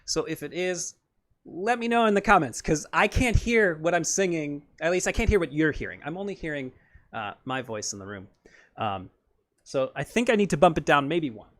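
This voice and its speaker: A man's voice: a little high, expressive, normal speed, fairly bright tone. A man in his thirties chatting casually between songs on a live stream, rambling and correcting himself as he goes. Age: 30s. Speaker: singer hosting a live stream. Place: room at home. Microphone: studio microphone.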